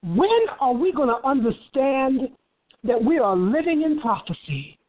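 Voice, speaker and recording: A woman with a high, sweeping voice preaches with passion, bursting into hallelujahs and circling back over her words. Her voice comes through thin and boxy, like a phone line. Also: big pitch swings, unhurried. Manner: impassioned, bursts into hallelujahs, repeats phrases. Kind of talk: fervent preaching.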